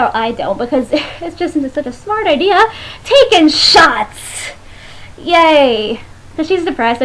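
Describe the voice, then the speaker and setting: A young woman with a bright, high voice, chatting her way through a music video review. She is playful and animated, tossing in jokey asides as she goes, in the easy manner of a home video. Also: low-quality recording. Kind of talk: casual vlog commentary.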